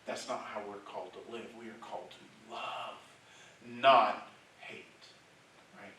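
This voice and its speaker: A pastor preaches in a bright voice, talking with his congregation and often asking "right?" before he builds to loud, emphatic stretches. He is heard from a distance in a very echoey church sanctuary, and a faint hiss runs under the recording. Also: medium pitch, a little slow. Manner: conversational preaching, frequent "right?" check-ins, rising to loud emphatic stretches. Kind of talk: sermon.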